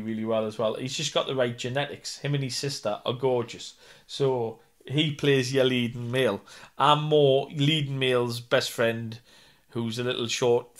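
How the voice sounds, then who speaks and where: A man's voice: medium pitch, fairly bright tone. A man with a Geordie accent, an actor and singer chatting in an interview, self-deprecating and full of fillers. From North East England. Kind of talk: casual interview chat.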